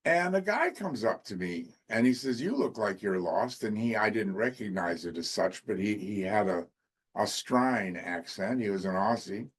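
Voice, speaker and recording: A man's voice: on the low side, lively intonation, normal speed. A man on a comedy panel telling a long anecdote in a chatty, storytelling way. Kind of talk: comic storytelling.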